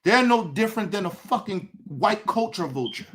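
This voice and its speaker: A man hosting his own show, delivering an impassioned, profane commentary rant that swings between shouting and low, intense talk. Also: expressive, normal speed. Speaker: show host.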